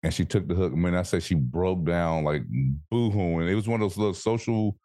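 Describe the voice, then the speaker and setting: A podcast co-host with a deep voice talks briskly in casual chat, animated and swearing freely. He acts out voices while telling stories, and the studio-quality recording has no echo.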